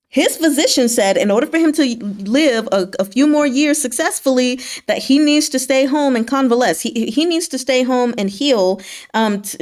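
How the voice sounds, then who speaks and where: Animated woman recapping a novel. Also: a little high. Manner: animated, acts out characters' lines, laughs often. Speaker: book club host. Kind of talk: casual book recap chat.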